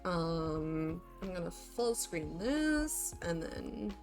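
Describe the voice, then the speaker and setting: A Canadian woman streamer talks slowly and rambles to her chat, leaning on fillers as she goes. Faint music sits in the background. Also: fairly low pitch, big pitch swings. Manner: rambling, chatty, lots of fillers. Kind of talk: casual chat with viewers.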